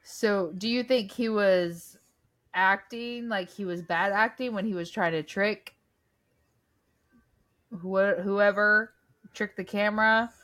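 Woman, podcast co-host, casual chat, rambling, mid pitch. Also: fairly bright tone. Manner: chatty, rambling, quick to laugh along.

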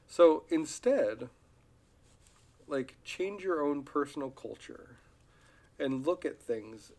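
A man's voice: on the high side, takes it slowly. A man hosting his own podcast, talking casually in a loose, rambling way with frequent restarts. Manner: rambling, relaxed, with many restarts. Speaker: podcast host. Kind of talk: casual solo podcast talk.

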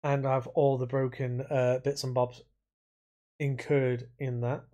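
A man's voice: medium pitch, slow pace. A man co-hosting a podcast in casual gaming chat, rambling and swearing heavily as he tells his stories. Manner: rambling, heavy swearing, animated storytelling. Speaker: podcast co-host.

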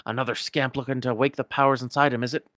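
A man's voice: medium pitch, flat delivery, fast talker, a bit bright, no echo, studio quality, natural voice. A man voicing a fussy old male wizard with cranky, theatrical outbursts. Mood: knowing.

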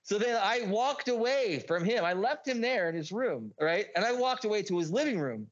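A man telling a story as a podcast guest, rambling and excitable, swearing a lot and packing his talk with filler words. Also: high voice, moderate pace, dull audio. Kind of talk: casual storytelling.

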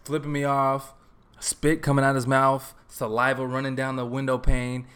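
A young man from Texas hosting a solo podcast, telling a story in a relaxed, joking, rambling way with lots of fillers. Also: medium pitch, normal speed, very noisy. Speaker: podcast host. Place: his apartment.

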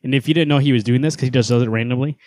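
A man's voice: mid-range voice, racing, darkish tone, no room sound, clean studio sound. A man in his thirties co-hosting a podcast, rambling casually, laughing often and swearing now and then. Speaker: podcast co-host. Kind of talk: casual chat.

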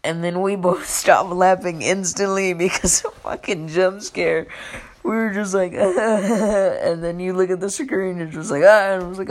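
A young adult vlogger tells a rambling story in a dry, close recording with no room sound. The talk is loose and profane, laughs come often, and the voice drops to a hush and then jumps up loud. The pitch sits in an even middle range. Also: moderate pace, no room sound. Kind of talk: casual storytelling.

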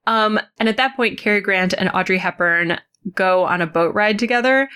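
A woman co-hosting a casual film chat, wry and quick to swear, acting out scenes she describes. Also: lowish voice, a bit bright, smooth. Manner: wry, swearing, acts out quotes. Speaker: podcast co-host.

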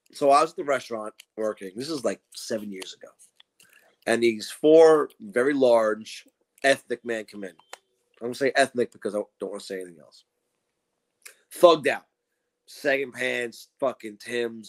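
A man's voice: mid-range voice, moderate pace, pauses often. A man on a podcast telling a crude comic story, acting out quotes and laughing often. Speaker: podcast co-host.

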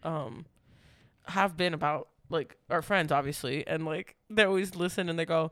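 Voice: mid-range voice, moderate pace, fairly bright tone, no echo, clean studio sound. A podcast co-host in casual chat, teasing and laughing a lot.

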